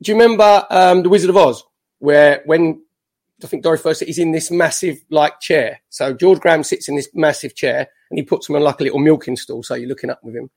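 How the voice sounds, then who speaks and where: A man in his fifties, a former footballer, telling lively anecdotes as a podcast guest with self-mocking jokes. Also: on the high side, brisk, creaky.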